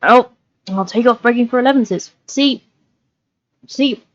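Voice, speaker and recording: A woman's voice: fairly high pitch, measured pace, no room sound. A woman reading a novel aloud on a livestream, chatty and scattered, with asides, over a desk mic. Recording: lo-fi livestream audio.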